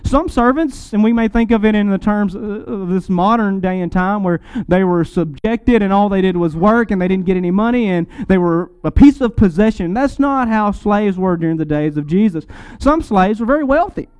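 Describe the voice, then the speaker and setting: A man preaching a sermon, explaining scripture and Greek words in a teaching tone. He swells up on lists of titles and drops low for emphasis. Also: expressive, moderate pace, hardly any pauses, a little mellow, clean tone, dry recording.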